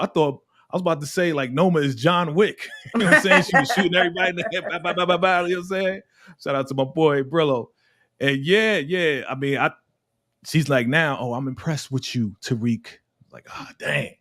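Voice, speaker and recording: A man hosting a casual TV episode review, animated and laughing often, his voice swinging between high and low. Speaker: host of a TV recap show.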